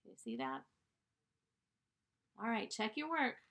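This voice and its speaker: A woman's voice: on the high side, wildly swooping pitch, unhurried, a bit bright. A woman teaching first graders, giving a dictation lesson in a patient, encouraging way and stretching out the sounds of each word. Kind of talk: slow, clear classroom dictation.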